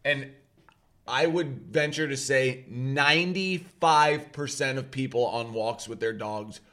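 A man's voice: mid-range voice, slow pace, fairly bright tone. A man co-hosting a casual podcast who speaks bluntly, swears freely and laughs often. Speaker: podcast co-host. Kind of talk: casual chat.

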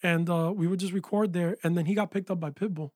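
A man with a high-pitched voice tells his story as a guest in a relaxed interview. He talks with animated energy and leans on "yo" and "like" often. The sound is dry and close, as in a small studio. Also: fast, no room sound. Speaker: guest, music producer and engineer. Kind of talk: casual interview chat.

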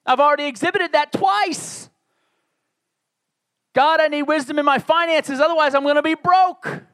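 A man's voice: extremely high pitch, moderate pace, sharp tone. A man preaching a sermon as pastor, conversational and joking, building to emphatic peaks.

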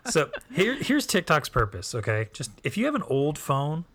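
Man, podcast co-host, casual banter, profane jokes, lively swooping pitch. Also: normal speed, husky. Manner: jokey, profane, goofy bits. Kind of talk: casual chat.

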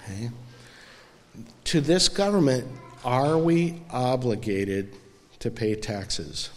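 A man's voice: medium pitch, takes it slowly, in a large hall. A man preaching a sermon in a conversational way, often putting questions to the congregation. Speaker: pastor.

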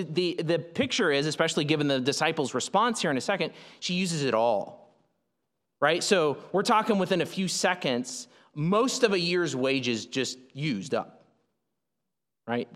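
Man, pastor preaching, fairly high voice, chatty explaining, long hall reverb. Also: a bit bright. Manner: conversational, explanatory, frequent fillers and restarts. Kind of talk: sermon.

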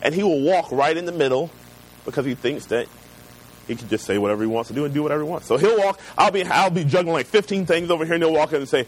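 A pastor preaches a sermon, reading scripture slowly before moving into personal stories told in a relaxed, conversational manner. His voice is fairly high-pitched, and the recording is low quality.

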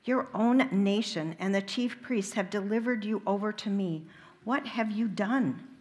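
A woman's voice: mid-range voice, measured pace, a little mellow, voice pushed up, natural voice. A woman reading the part of a questioning male Roman governor in a liturgical Gospel reading, with pointed questions and raised emphasis.

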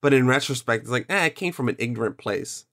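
A man's voice: medium pitch, animated, fast talker, fairly bright tone. Blunt, candid podcast man. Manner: blunt, candid, swears casually. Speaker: podcast co-host. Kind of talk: casual podcast chat.

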